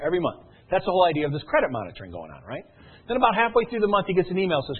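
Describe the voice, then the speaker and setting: An energetic man pitches a service and tells stories at a rapid clip, often checking whether his listeners are following. His voice is slightly husky and sits a little high for a man. The sound is thin and narrow, like a phone line. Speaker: sales presenter. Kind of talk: sales pitch with storytelling.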